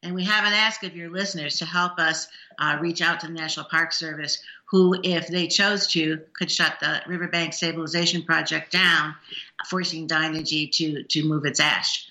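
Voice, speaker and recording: A woman's voice: sits low, fairly even intonation, bright, forceful tone, roomy sound. A woman guest on a radio show, speaking with frequent restarts and fillers. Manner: halting, many restarts. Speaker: guest, environmental advocate. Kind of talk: casual chat.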